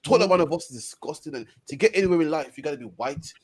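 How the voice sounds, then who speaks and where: Guy on a stream, quick and preachy, bit higher voice. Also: lively intonation, a little mellow, slightly rough. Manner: fast, preaching, emphatic. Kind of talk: online stream discussion.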